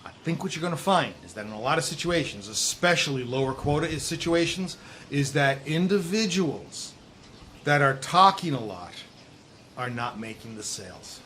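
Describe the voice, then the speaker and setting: A middle-aged man coaching sales managers in a bright, forceful voice, leaning hard on key words and slowing to stress them. He is outdoors, with a faint breeze rustling behind him. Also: fairly high pitch. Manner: emphatic, drawn-out stresses, drops to near whisper at times. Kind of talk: direct-to-camera coaching talk. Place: outdoors in a breezy warm place. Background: wind noise.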